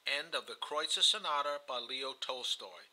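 A man's voice: mid-range voice, moderate pace, sharp tone, rough recording. A man reading a novel aloud in the first person, earnest and confessional. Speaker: audiobook reader.

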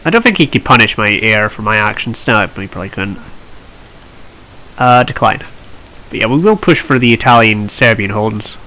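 A man's voice: lowish voice, animated, normal speed, pushed and bright, low-quality recording. A man hosting a strategy game let's play, chatting and thinking aloud with wry asides. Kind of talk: strategy gameplay commentary.

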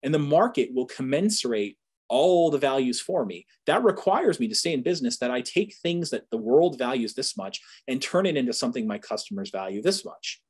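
A man from the Boston area gives a relaxed, informal lecture as a professor talking to alumni. His voice is a little husky at a middling pitch. He keeps it conversational, tossing in wry asides and checking in with "right?". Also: fairly quick. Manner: conversational, joking asides, frequent "right?" tags. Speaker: university professor giving a talk.

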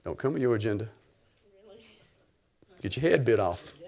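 A man pastor preaching a sermon, emphatic and at times near-shouting. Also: lowish voice, sing-song, moderate pace, vocal fry.

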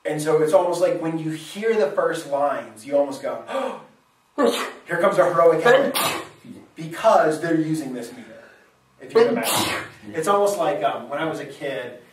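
A man's voice: a little high, animated, moderate pace. A man teaching Latin in a classroom lecture, thinking aloud and correcting himself as he goes. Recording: very echoey room, mic far off.

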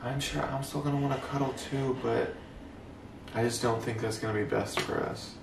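A young man talking softly and hesitantly to his girlfriend in a casual couple vlog. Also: medium pitch, fairly even intonation, moderate pace, vocal fry, distant mic, noisy background. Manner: soft, gentle and hesitant. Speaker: vlogger pranking his girlfriend. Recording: echoey room, voice off-mic, music behind.

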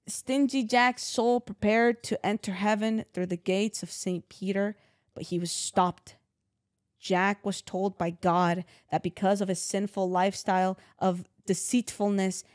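A woman's voice: mid-range voice, no room sound, studio quality. Casual young woman reading aloud. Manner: laughing, swearing, jokey asides while reading. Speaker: co-host reading a legend aloud. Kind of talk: casual chat with read-aloud storytelling. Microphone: own microphone.

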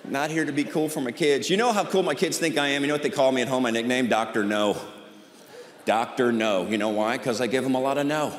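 A man in his forties performing stand-up comedy on stage, with incredulous, drawn-out sarcastic delivery. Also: medium pitch. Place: large hall with live audience. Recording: echoey hall with audience noise.

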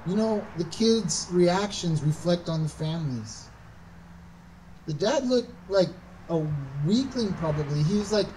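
Animated male pastor preaching from afar. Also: high-pitched, recorded from a distance, a little hiss or hum, poor audio. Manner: animated, acts out quoted voices, emphatic rises. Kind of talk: sermon. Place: church.

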